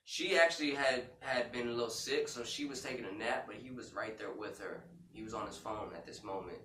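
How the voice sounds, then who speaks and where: Man, casual storytelling, emotional, filler-heavy, bright forceful voice, echoey room, faint noise. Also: mid-range voice, brisk. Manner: emotional retelling with many "you know" and "man" fillers. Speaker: podcast co-host. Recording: roomy echo, far from mic, faint background noise.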